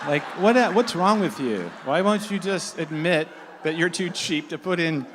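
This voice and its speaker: A middle-aged man telling a self-mocking comic story live, animated and laughing along. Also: on the high side, normal speed. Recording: echoey hall, faint room noise.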